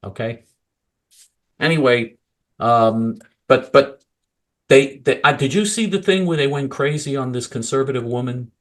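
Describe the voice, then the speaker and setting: A male political commentator ranting angrily and mockingly, swinging from loud outbursts to low mutters. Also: lively intonation, unhurried.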